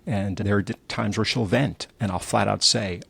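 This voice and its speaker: A man's voice: lowish voice, moderate pace, creaky, husky. A middle-aged man from New Jersey, an entrepreneur guest telling stories candidly and acting out the quotes. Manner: animated storyteller, acts out quotes. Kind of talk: candid conversational storytelling.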